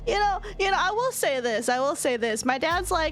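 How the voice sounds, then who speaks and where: A woman's voice: extremely high pitch, very animated, measured pace, fairly bright tone, faint music behind. A young woman streaming a game in casual chat, laughing constantly and swearing freely. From United States.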